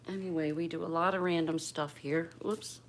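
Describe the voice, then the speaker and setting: Older grandma from pennsylvania, low gravelly voice, chatty live stream at home, faint hiss behind. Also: female voice, fairly even intonation, moderate pace. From Bristol, Pennsylvania. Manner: chatty, addresses viewers by name; keeps her voice down. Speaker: livestream host. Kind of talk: casual livestream chat with viewers. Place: home room.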